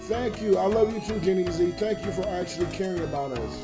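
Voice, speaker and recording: Drunk, tearful man with a high voice. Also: fast, reverberant, over loud music. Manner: ranting, swearing, talking straight to the chat. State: crying. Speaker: livestreamer and YouTube comedian. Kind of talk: emotional late-night livestream rant.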